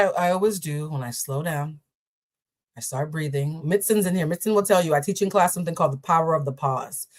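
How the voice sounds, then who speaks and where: Animated woman telling a story. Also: sits low. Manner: animated, deliberately slows down. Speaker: host. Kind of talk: live-stream storytelling.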